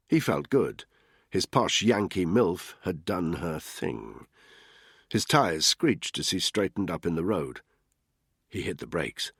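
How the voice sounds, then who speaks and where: A man narrating a thriller audiobook in a steady, even storytelling manner with a husky voice. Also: deep voice, dry recording, clean studio sound.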